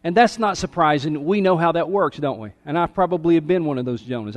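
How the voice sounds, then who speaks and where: A middle-aged male pastor preaching a sermon, swinging between emphatic raised calls and soft, quiet lines. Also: fairly high pitch, quick pace, few pauses.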